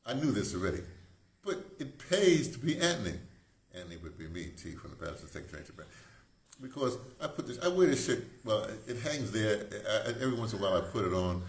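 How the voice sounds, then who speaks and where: In an echoey indoor room where incense is burning, a man with a low voice records himself on a camera mic, with a little hiss or hum present. A video host who once worked in radio, he gives a casual, off-script monologue to camera, often restarting, joking with himself and drifting between ideas.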